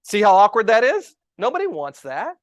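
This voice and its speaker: A man coaching real estate agents in a lively seminar talk, telling stories and acting out quoted dialogue. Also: sits high, moderate pace, no echo. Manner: animated, storytelling, acts out quoted dialogue.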